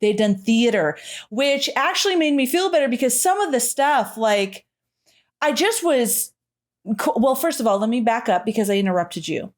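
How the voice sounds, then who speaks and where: A woman's voice: on the high side, expressive, normal speed. A woman co-hosting a podcast in casual chat, laughing often, swearing, and acting out lines from a movie. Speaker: podcast co-host.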